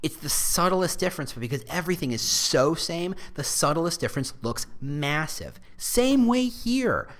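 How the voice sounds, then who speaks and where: Animated man explaining marketing ideas. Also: fairly high pitch, moderate pace, few pauses. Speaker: podcast host. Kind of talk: casual explanatory chat.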